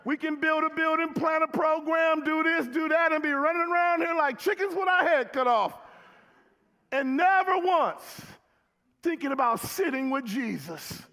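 A man preaching a sermon, with emphatic call-and-response delivery that rises to shouts. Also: very high voice, moderate pace, hardly any pauses, in a large hall. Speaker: pastor.

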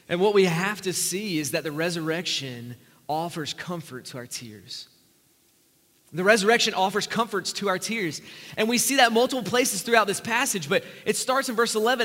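A man's voice: high voice, pushed and bright. A man preaching a sermon as pastor, earnest and conversational, acting out the people in the story as he goes. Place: church sanctuary. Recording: long church reverb.

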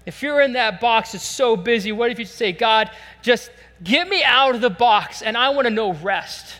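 An earnest male pastor delivers a sermon at a church service, his voice high and bright. He preaches with animation and drops into heartfelt prayers spoken in the first person. A long reverb from the church hall trails behind him. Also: animated, normal speed.

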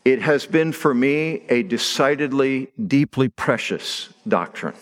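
Preaching as pastor, a middle-aged man tells stories in a conversational sermon, stressing key words heavily. His voice is medium in pitch, animated, and a little slow.

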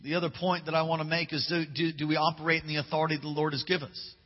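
A high-pitched male pastor delivers an emphatic, casual sermon, acting out the dialogue as he goes. His voice carries a long reverb through a church sanctuary. The recording is dull and lo-fi. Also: little pitch movement, very fast. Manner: emphatic, casual preacher who acts out dialogue. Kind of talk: sermon with storytelling.

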